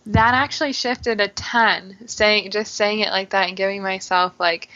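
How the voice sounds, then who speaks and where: Bright-voiced woman guest on a dull line. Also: medium pitch, fairly even intonation, normal speed. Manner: hesitant, many "like" and "um" fillers. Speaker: podcast guest. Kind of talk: repeating phrases and casual talk.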